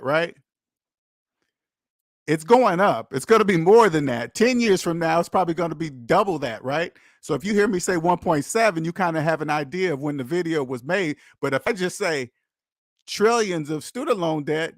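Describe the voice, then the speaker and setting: A personal finance channel host, a man with a slightly high voice, preaches straight to camera and hammers his points home through repetition. The sound is dry and close-miked with no room sound.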